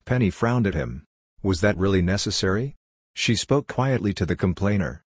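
A man narrates a story slowly and evenly. His voice is very deep and husky. The recording is close and dry, with no room sound. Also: expressive, dry recording. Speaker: audiobook narrator.

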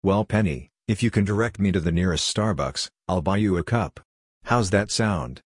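A man reading the part of a wry, grumpy man with a dry, deadpan delivery. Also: sits low, moderate pace, dry recording. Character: wry, grumpy man who jokes dryly.

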